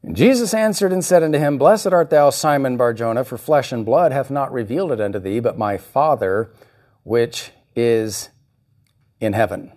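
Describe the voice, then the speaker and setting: A man's voice: mid-range voice, moderate pace, darkish tone. A male pastor preaching a sermon, reading scripture and acting out the voices he quotes. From United States.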